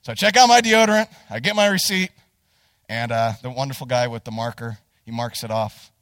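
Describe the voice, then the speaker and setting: A man's voice: mid-range voice, a little fast, dry recording, long reverb tail. A young man preaching as a youth pastor, telling a funny story and talking straight to his listeners. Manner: animated storyteller, addresses listeners directly. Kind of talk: humorous sermon story.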